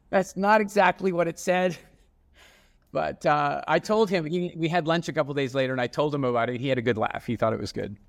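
A middle-aged man, an entrepreneur guest, telling stories in a casual, animated way with frequent restarts and acted-out dialogue. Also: a little high, fast talker, creaky, few pauses. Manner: animated storyteller with many restarts, acting out dialogue. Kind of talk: casual storytelling interview.

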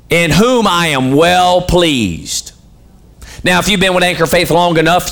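A man's voice: high-pitched, a bit bright. A man preaching a sermon as pastor, putting questions to his congregation and waiting for them to answer.

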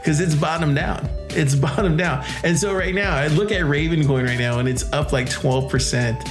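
A man hosting a casual crypto podcast, hyped and joking, laughing often and jumping into high exclamations. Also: normal speed, soft background music. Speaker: podcast host.

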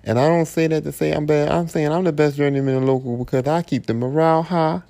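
Man, AAVE speech, gravelly, mellow timbre, brash boastful monologue. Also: on the high side, fairly even intonation, fast. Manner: blunt, profane, boastful rant. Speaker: podcast host. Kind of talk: solo podcast monologue.

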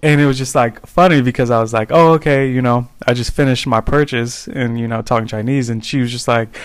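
A man's voice: mid-range voice, fairly even intonation, fairly quick, clean tone, no echo, studio quality. A man co-hosting a podcast who tells a casual anecdote in a laid-back, amused way. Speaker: podcast co-host.

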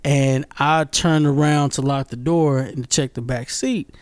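A man's voice: mid-range voice, fairly even intonation, measured pace, clean tone, no echo. A man telling a funny story in casual chat, laughing often and repeating himself.

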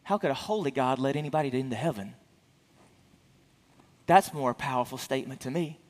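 A man preaching a sermon as a pastor, speaking earnestly with frequent restarts and stammered repeats, and getting louder for emphasis. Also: brisk, big-room sound. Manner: rises in pitch and volume for emphasis.

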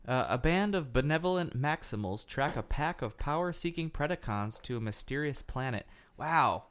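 A man co-hosting a casual podcast chat, jokey and quick to laugh. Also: medium pitch, animated, a bit bright. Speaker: podcast co-host.

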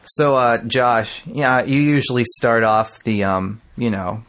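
Relaxed joking male podcast host. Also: medium pitch, slow pace, hardly any pauses. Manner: relaxed, jokey banter. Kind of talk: casual chat.

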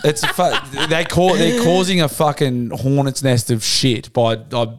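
A man's voice: mid-range voice, fairly even intonation, measured pace. A man co-hosting a podcast, talking in blunt, sweary, matey banter. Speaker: podcast co-host. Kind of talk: casual banter.

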